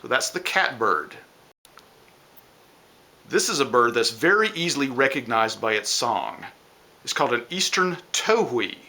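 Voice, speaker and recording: A man's voice: medium pitch, big pitch swings, measured pace, pauses often, sharp tone. A man teaching children a science lesson, explaining step by step and imitating bird calls.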